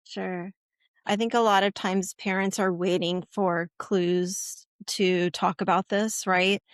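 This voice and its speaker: A woman appears as a guest expert on puberty education in a conversational podcast interview, speaking casually, checking in with "right?" and "okay?" and sometimes acting out quoted lines. Her medium-pitched voice is fairly even and slow, recorded at studio quality with no room sound.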